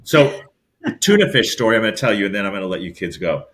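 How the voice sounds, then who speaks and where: A middle-aged man with a New York accent, a podcast co-host rambling through animated stories in casual chat. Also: fairly low pitch, fast talker. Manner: rambling, animated storyteller with many restarts.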